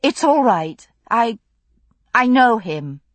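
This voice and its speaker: A woman voicing a spirited young woman who speaks in a sharp, urgent way. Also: on the high side, sing-song, slow, no room sound, voice pushed up, exaggerated voice. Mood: shaken.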